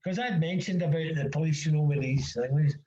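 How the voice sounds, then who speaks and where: A man telling lively anecdotes in casual chat, acting out the dialogue and laughing often. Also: a little high, brisk, a little hiss or hum. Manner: animated storyteller, acts out dialogue, laughs often. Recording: dull, echoey sound.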